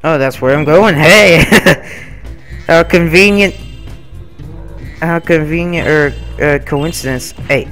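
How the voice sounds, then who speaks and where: A man's voice: a little high, unhurried, pauses often, fairly bright tone, faint music behind. A young man giving laid-back, giggly gameplay commentary with swearing and silly asides. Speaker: let's play gamer.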